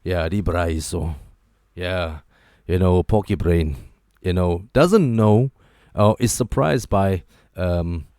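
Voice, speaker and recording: A man hosting a talk show, giving joking, animated commentary and repeating his phrases for emphasis. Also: low-pitched, takes it slowly, no echo, studio quality. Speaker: host. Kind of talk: casual commentary monologue.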